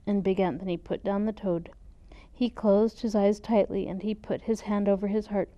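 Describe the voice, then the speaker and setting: Expressive woman reading a storybook. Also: medium pitch, normal speed. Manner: expressive, dramatic storytime delivery. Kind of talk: reading a picture book aloud.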